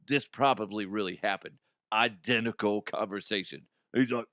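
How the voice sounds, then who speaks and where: A man's voice: fairly low pitch, moderate pace, pushed and bright, no echo, clean studio sound. A man hosting a comedy news show, reacting with swearing and laughter. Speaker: host.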